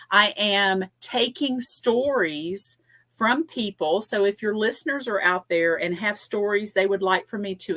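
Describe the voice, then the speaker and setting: A woman from Tennessee, a podcast guest who calmly and steadily promotes her books. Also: medium pitch. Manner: measured, unhurried promotion. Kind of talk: casual chat.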